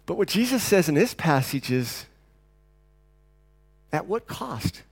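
A pastor delivering a sermon, swinging between loud declarations and quiet, intense passages. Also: male voice, a little high, big pitch swings, takes it slowly, gravelly, husky, dry recording.

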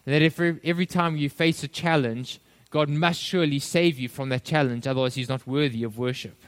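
A male pastor preaching a sermon, addressing listeners as friends and acting out the quoted voices with animated shifts. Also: a little high, brisk.

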